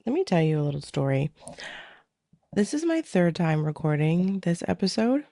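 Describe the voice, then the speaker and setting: Woman host, candid chatty delivery, mellow low voice, dry close mic. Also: sing-song, normal speed, gravelly, dry recording. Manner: chatty, candid, swears freely. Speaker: podcast host. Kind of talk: casual chat. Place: her living room at home. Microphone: studio microphone.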